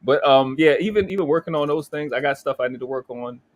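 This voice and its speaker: Speaking quickly in a slightly high voice, a livestream host from Baltimore, USA, with a Baltimore accent rants casually, cursing, bragging and picking fights. He is in his forties.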